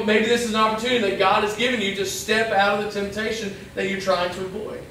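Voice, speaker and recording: High-voiced man preaching in an echoey hall. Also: fairly even intonation, brisk, hardly any pauses, pushed and bright, recorded from a distance, slight background noise. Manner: conversational, acts out little quoted lines. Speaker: pastor. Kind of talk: casual youth sermon. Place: church hall.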